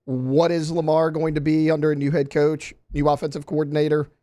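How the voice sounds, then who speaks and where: Higher-voiced male radio co-host, steady. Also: a little fast, no room sound. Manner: steady, reasoned opinions. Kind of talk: casual sports talk. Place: radio studio.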